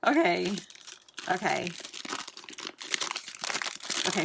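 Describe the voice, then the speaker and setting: Gushing woman with a lively voice. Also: fairly high pitch, moderate pace, background noise. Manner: gushing and exclamatory, often dropping to a hushed near-whisper. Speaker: craft channel host. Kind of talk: casual unboxing chat.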